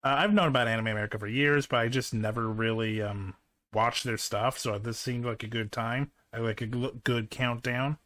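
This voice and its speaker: A man's voice: mid-range voice, fairly even intonation, normal speed, fairly bright tone. A man hosting a casual reaction video, enthusiastic and casually profane.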